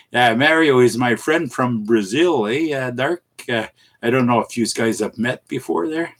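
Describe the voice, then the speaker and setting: A middle-aged man hosting a casual livestream, rambling and chuckling between halting restarts as he greets his viewers. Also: mid-range voice, creaky, bright, forceful tone. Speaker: live streamer.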